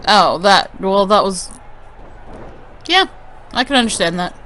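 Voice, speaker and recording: A woman's voice: mid-range voice, expressive, a little slow, a bit bright, slight background noise. A woman co-commentating a game wrestling show, fretful and playfully taking one wrestler's side. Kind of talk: casual commentary.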